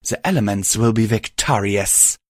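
A man's voice: fairly low pitch, moderate pace, dry recording, studio quality, natural voice. A man voicing a cruel female alicorn villain who mocks and gloats in a taunting manner.

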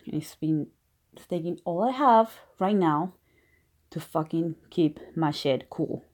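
Audio role-play: young woman as a jealous, cursing girlfriend, from muttering to shouting, lively higher voice. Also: moderate pace. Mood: possessive. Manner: swears constantly, swings between low mutters and shouting. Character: jealous, foul-mouthed young girlfriend, possessive and hot-tempered.

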